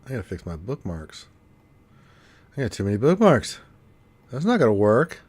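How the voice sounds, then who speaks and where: A man's voice: medium pitch, big pitch swings, moderate pace, darkish tone, slightly rough. A congested man with allergies, hosting a casual gaming livestream and rambling with cursing asides. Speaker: livestream host.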